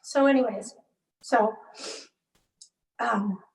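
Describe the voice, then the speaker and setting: Woman in her 40s, high gravelly voice, heated and halting guest account, caught by a distant mic in an echoey room. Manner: emotionally charged, halting, with bursts of anger. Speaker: interview guest. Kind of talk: personal account in a podcast interview.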